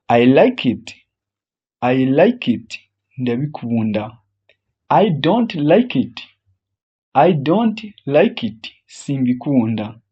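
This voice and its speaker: A teacher drills short English phrases, repeating each one twice in a slow, drawn-out way. The voice is husky and the pitch moves a lot between phrases. The recording sounds dull and lo-fi. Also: warm tone.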